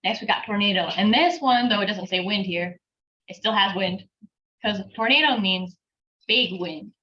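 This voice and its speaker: A woman teaching an online language class, patiently breaking words into syllables and repeating them slowly, with a light laugh now and then. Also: medium pitch, bright, forceful tone, slight background noise. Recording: dull lo-fi class recording.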